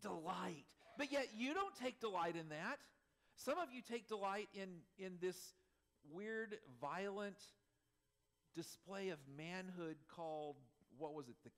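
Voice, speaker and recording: A middle-aged man preaching a sermon as pastor, animated, swinging between loud emphasis and soft asides with chuckles. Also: a little high.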